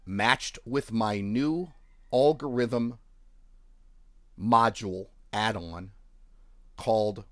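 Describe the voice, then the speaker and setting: A man's voice: fairly low pitch, no room sound. A man hosting a trading channel, casually walking viewers through charts and accounts with offhand jokes. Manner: offhand, joking, talks while clicking through charts. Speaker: forex trading channel host. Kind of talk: casual screen-share walkthrough.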